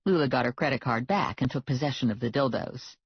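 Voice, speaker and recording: An audiobook narrator reading a first-person comic novel in a wry, deadpan manner. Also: medium pitch, fast talker, gravelly, breathy edge, no room sound. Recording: dull lo-fi, dry.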